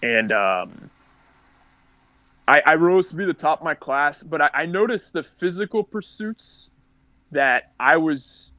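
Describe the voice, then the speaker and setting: A man's voice: fairly high pitch, animated, unhurried, sharp tone, no room sound, rough recording. A young man from California telling his life story as a podcast guest, candid and rambling, full of likes and restarts. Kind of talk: casual storytelling.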